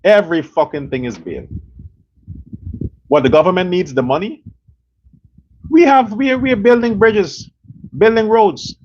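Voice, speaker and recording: A man hosting a political commentary show, ranting angrily with profanity, scorn and rhetorical questions. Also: sits high. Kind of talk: angry political rant. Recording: dull lo-fi sound with faint noise.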